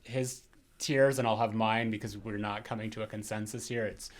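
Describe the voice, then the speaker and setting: A man hosting a podcast in casual chat, relaxed and hedging, often repeating words. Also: lowish voice, normal speed. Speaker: podcast host.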